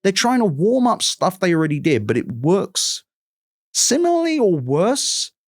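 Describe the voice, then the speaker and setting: A man's voice: a little high, very animated, normal speed, no echo, clean studio sound. A man with a mixed West London and American accent, talking as a guest in a casual chat, swearing freely and ranting with exasperation. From England. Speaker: podcast guest.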